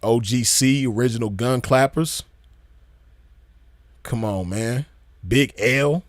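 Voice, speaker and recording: A man hosting a gaming channel, chatting casually in an excited, slangy, profane way and repeating himself often. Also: mid-range voice, takes it slowly, no room sound, clean studio sound. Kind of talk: casual chat.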